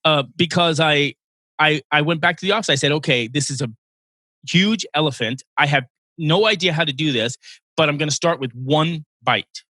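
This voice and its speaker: A man's voice: on the high side, moderate pace, pushed and bright, no room sound. A man in his sixties hosting a podcast, telling earnest personal stories in casual conversation. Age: 60s. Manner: earnest storytelling, emotional at times. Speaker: podcast host. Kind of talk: casual interview chat.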